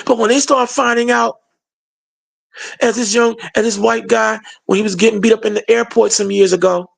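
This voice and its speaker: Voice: medium pitch, steady tone, moderate pace, gravelly. A political commentator giving an emphatic, colloquial and sarcastic opinion monologue.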